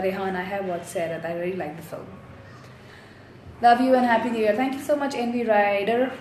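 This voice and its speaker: A woman's voice: mid-range voice, darkish tone. A young woman in a casual live chat who reads out fans' comments and answers them in a chatty way. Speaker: actress answering fans. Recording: roomy echo, faint noise.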